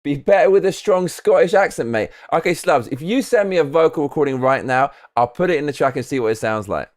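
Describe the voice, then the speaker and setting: A man's voice: a little high, animated, a little fast. A man livestreaming as he builds a music track, talking casually and rambling through his ideas while swearing freely.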